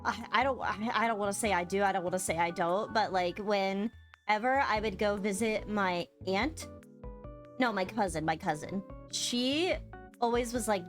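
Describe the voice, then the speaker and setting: A woman's voice: mid-range voice, normal speed, soft background music. A young woman guest on a stream, rambling through a story in casual chat, giggly and swearing often.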